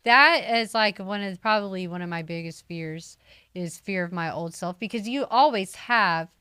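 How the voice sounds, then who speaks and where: A woman co-hosting a faith podcast, chatting casually and chiming in quickly. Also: medium pitch, pushed and bright, clean tone, no room sound, clean studio sound. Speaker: podcast co-host. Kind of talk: casual Bible discussion.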